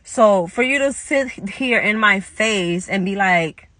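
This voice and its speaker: Animated young woman telling a story. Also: mid-range voice, takes it slowly, dry recording. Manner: animated, acts out quoted dialogue, swears. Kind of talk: casual storytime monologue.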